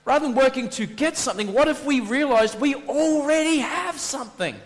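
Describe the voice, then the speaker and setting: High-voiced pastor preaching in a hall. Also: male voice, normal speed. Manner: animated storytelling, acting out his own quoted lines. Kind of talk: sermon.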